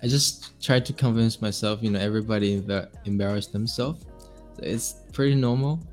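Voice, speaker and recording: A man, a native Chinese speaker, hosting a podcast and asking questions in simple, halting English, often answering with "uh-huh". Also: on the low side, soft background music. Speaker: podcast host. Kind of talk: casual interview chat.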